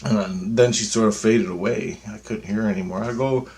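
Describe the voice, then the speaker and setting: A man's voice: on the low side, moderate pace, darkish tone. A man talking in a loose, meandering monologue, swearing freely as he tells a story. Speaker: vlogger. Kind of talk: casual rambling monologue.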